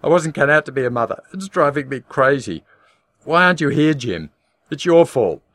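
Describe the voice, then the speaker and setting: A man reading an audiobook, voicing a hysterical, shrill grown mother at her wits' end who sobs and screams. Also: animated, moderate pace, creaky, dry recording. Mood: sobbing despair.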